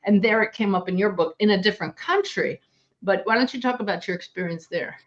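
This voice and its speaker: A woman's voice: medium pitch, brisk, highs cut off. A woman hosting a podcast, asking her guest questions in an engaged, conversational way. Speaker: podcast host. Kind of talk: interview questions.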